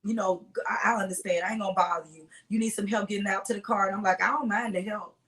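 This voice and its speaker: Middle-aged lady singer chatting, lively storyteller, doing all the voices. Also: medium pitch, quick pace. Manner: animated storyteller acting out voices. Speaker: guest singer. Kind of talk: casual interview storytelling.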